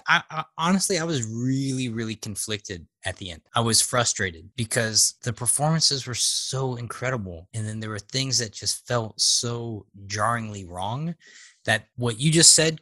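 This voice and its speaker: A man's voice: mid-range voice, animated, moderate pace, sharp tone, dry recording. A man in a casual discussion, explaining his thoughts at length and with care. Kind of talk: casual chat.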